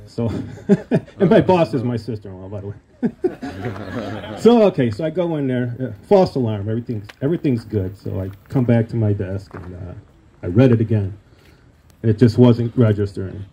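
A man's voice: medium pitch, animated, normal speed, dark tone, slight background noise. A man telling a rambling, self-deprecating story in an acceptance speech at a hall of fame induction. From Illinois.

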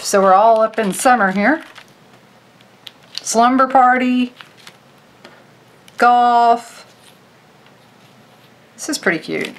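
A woman vlogger chatting casually to her viewers as she pages through a craft booklet, gushing over each picture. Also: mid-range voice. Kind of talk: casual product walkthrough.

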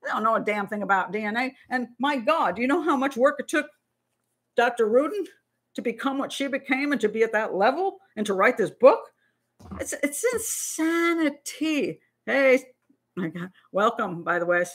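A middle-aged woman and criminal profiler hosting a live Q&A stream, talking in a blunt, animated way with many restarts. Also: high-pitched, moderate pace, slightly rough. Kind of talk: casual live-stream talk.

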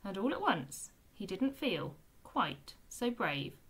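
A woman, a primary school teacher, reading a children's book aloud with expressive storytelling. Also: medium pitch, takes it slowly, breathy edge.

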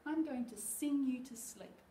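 A woman voicing an excited little boy in a storybook reading, eager and pleading. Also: high voice, measured pace, roomy sound, recorded from a distance, slight background noise, voice pushed up.

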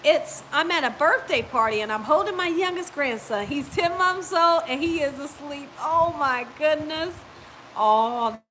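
A woman's voice: high-pitched, animated, slight background noise, poor audio. A woman hosting a casual live cooking stream, chatting and laughing as she reads viewer comments aloud, with a lingering cough. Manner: chatty, warm-hearted, quick to laugh. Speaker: cooking channel host.

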